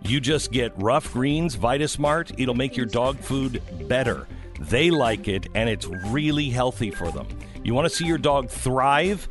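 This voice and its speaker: Animated middle-aged male radio host. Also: medium pitch, a little slow, music in the background. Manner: animated, joking, mimics voices in quotes. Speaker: radio talk show host. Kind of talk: casual radio talk and live ad reads. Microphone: studio microphone.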